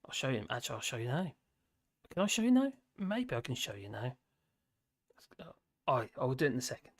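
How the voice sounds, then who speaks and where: A man's voice: medium pitch, very animated, a little fast. A man hosting a live stream, chatting casually with a rambling, chuckling, sarcastic manner.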